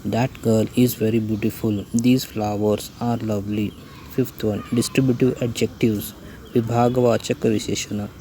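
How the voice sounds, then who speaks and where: A man teaching English grammar, reading out definitions and example lists one by one in a slow, even recitation. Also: fairly low pitch, slight background noise, rough recording. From India.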